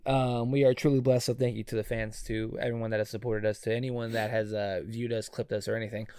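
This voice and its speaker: A man's voice: mid-range voice, quick pace, hardly any pauses, smooth, no room sound, clean studio sound. A young man co-hosting a podcast, telling stories in casual chat and acting out other people's voices. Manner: animated storyteller, acts out voices. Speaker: podcast co-host.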